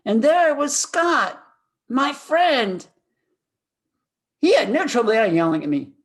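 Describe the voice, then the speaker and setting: A man in his sixties giving a storytelling speech at a speaking club, animated, swinging from loud excitement to hushed tones. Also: very high-pitched, slow pace.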